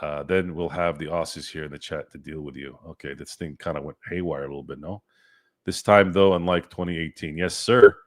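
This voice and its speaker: A man's voice: very deep voice, steady tone, a little fast. A man hosting a live-stream sports chat, ranting and cursing in a fired-up way. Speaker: sports podcast host.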